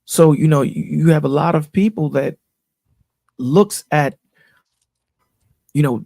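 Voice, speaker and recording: A man's voice: medium pitch, moderate pace, vocal fry, warm tone, dry recording. A man hosting a panel on his channel, talking in a casual, preachy way and often asking "you know what I'm saying". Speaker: channel host on a panel call. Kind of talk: casual chat.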